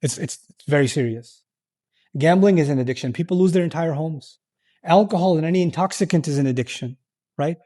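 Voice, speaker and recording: A man with a high-pitched voice lectures on scripture before a live audience. He is animated and conversational, and he keeps asking rhetorical questions and slipping into the voices he quotes. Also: a little fast. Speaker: Islamic lecturer.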